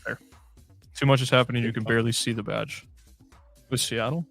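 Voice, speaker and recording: A man with a gravelly voice hosts a casual livestream and reads viewer comments aloud. He talks in a chatty, scattered way, with faint music behind him. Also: medium pitch, steady tone, a little fast, a bit bright. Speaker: host of fan livestream.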